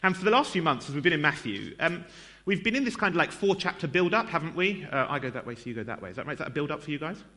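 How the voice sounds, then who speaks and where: A man's voice: on the high side, animated, rapid-fire, sharp tone. A man giving a conversational sermon in a church, self-deprecating and chatty, with lots of fillers and asides to the congregation. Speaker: preacher.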